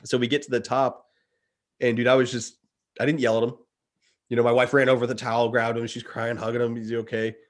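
A man in his thirties, appearing as a guest, earnestly retells a story in casual chat, calling the listener "dude" a lot. He talks fast in a mid-range voice and tells it with animation.

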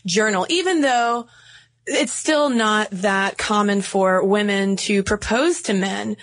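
A woman's voice: mid-range voice, slow. A woman co-hosting a podcast in casual chat, playful and jokey. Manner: playful, jokey, animated storytelling. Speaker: podcast co-host.

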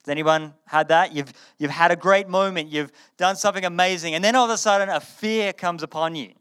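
A man preaching a sermon to a live audience, retelling a story in a conversational, animated way and often repeating his words. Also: high-pitched, a little fast, clean tone.

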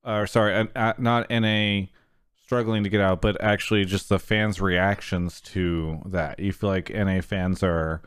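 Young male host, smooth low voice, measured delivery. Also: fairly even intonation, dry recording, studio quality. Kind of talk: casual esports discussion.

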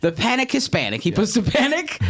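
A man's voice: sits high, slightly rough. A man co-hosting a casual comedy podcast, bantering and teasing the others. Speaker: podcast co-host.

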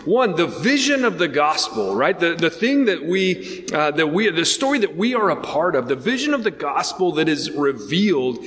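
A man preaching a sermon as pastor, earnest and animated, with frequent restarts and rhetorical questions. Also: fairly high pitch, normal speed, big-room sound.

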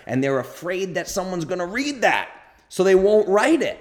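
A man's voice: on the high side, animated, brisk. A man hosting a solo self-help podcast, talking bluntly and emphatically with some swearing and repeating his points to drive them home. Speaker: podcast host and coach. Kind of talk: solo motivational podcast monologue.

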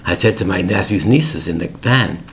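A man's voice: deep voice, normal speed, gravelly, slight background noise. A middle-aged man hosting an English-learning podcast, telling a family story in plain, repetitive words for learners.

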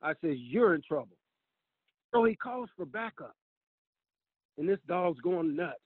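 A man with a high, lively voice tells a personal story in a casual, animated way, acting out each exchange and calling the listener "brother". He sounds like a caller, heard through a tinny, dry phone line. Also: unhurried, long pauses, breathy edge, no echo. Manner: animated, addresses the listener as "brother", acts out dialogue.

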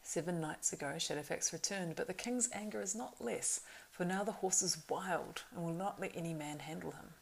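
Brief: proud young male horse-lord, as a woman reads him; earnest, urgent; low, gravelly voice. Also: normal speed, few pauses, slight background noise, low-quality recording. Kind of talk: audiobook reading.

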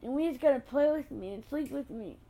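A sweet little boy, put on by a woman, talking slowly and simply to his Mommy. The voice sits high and bright. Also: animated. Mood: cheerful.

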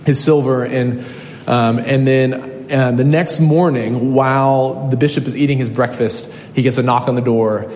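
A man's voice: mid-range voice, darkish tone. A young adult man preaching a sermon as a pastor, telling a story earnestly with frequent ums and restarts. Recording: echoey hall, faint noise.

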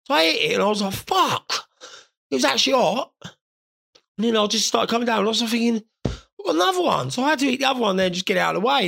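British bloke, 30s, gravelly, sweary laddish vlog rambling. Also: male voice, high-pitched, fairly bright tone. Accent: British English. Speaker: vlogger. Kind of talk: rambling comic monologue.

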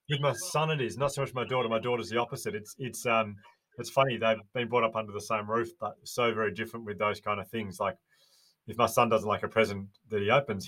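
A man talking warmly on a remote call as a podcast guest, earnest and storytelling. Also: mid-range voice. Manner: earnest, storytelling with little voices. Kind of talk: casual podcast chat.

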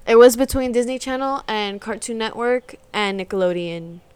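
A woman's voice: on the high side, moderate pace, darkish tone, clear, resonant tone, no room sound. A young woman chatting casually on a podcast, rambling and giggly. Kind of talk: casual chat.

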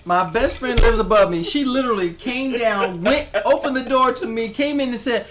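Casual co-host voice, middle pitch, teasing, noisy clicky recording. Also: moderate pace. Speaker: podcast co-host. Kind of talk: casual chat. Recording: clear background noise with clicks.

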